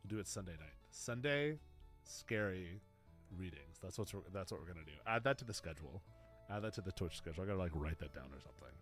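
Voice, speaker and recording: A young man streaming a game, with animated, joking commentary as he talks back to the game. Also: sits low, rapid-fire, faint music behind. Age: young adult. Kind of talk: casual gameplay commentary.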